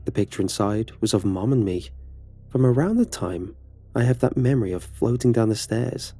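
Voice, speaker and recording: Low, dark-voiced male horror narrator. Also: animated, normal speed, husky, faint music behind. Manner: casual, conversational storytelling.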